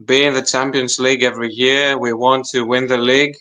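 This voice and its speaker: A man's voice: medium pitch, little pitch movement, pushed and bright, rough recording. A man on a podcast panel who talks in short, hesitant bursts and repeats his words. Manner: hesitant, halting, repeats himself. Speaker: panel guest. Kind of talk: casual podcast chat.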